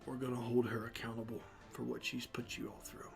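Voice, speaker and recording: A man voicing a solemn male ally in a tabletop game, speaking quietly and earnestly. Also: medium pitch, little pitch movement, brisk, gravelly, soft background music, lightly acted. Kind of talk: tabletop game role-play.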